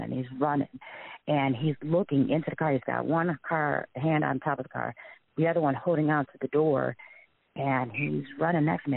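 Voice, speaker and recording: Gravelly man on a tinny phone line. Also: mid-range voice. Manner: halting, shaken retelling with many restarts. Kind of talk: emotional personal testimony.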